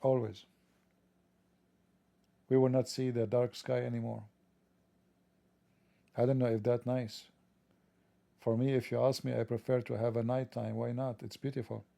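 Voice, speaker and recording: A man's voice: mid-range voice, little pitch movement, a little slow, vocal fry, long pauses, mellow, no room sound. A man delivering a sarcastic, mocking satirical monologue.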